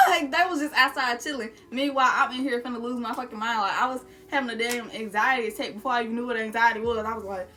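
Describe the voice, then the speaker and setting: A young adult woman casually telling a story to her viewers, animated and swearing, calling them y'all. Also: fairly high pitch, quick pace, few pauses, soft background music.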